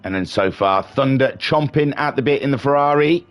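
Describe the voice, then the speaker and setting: A man's voice: medium pitch, normal speed, clear, resonant tone. A man doing live commentary for a sim racing league stream, chatty and rambling, with self-deprecating asides. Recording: music playing behind voice. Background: music.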